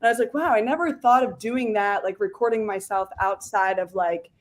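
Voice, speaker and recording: A woman singer talking as a guest in a casual interview, chatty and animated, with many "like" fillers. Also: mid-range voice, a little fast.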